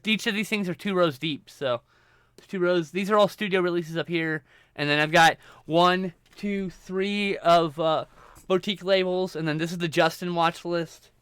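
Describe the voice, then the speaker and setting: A man's voice: high-pitched, a bit bright, smooth, no echo. A man streaming live, ranting casually and profanely about movies while working through his film collection. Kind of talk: casual livestream rant.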